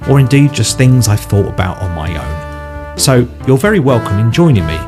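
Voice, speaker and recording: A man's voice: mid-range voice, big pitch swings, moderate pace, over music. A man hosting a podcast, talking in a chatty, self-deprecating way and often restarting his sentences. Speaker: podcast host. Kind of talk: casual conversational podcast.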